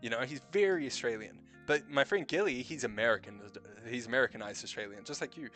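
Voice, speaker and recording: A man's voice: mid-range voice, fast talker, fairly bright tone, faint music behind. Rambling man with a light New Zealand accent. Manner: rambling, swearing, self-correcting. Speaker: streamer. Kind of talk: casual chat.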